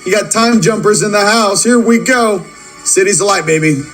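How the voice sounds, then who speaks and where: An excitable man with a fairly high voice hosts a live stream, rattling off viewers' locations between stretches of spiritual talk. He laughs often and keeps up a hyped, rapid-fire delivery. Soft music plays faintly underneath. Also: low-quality recording. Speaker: livestream host.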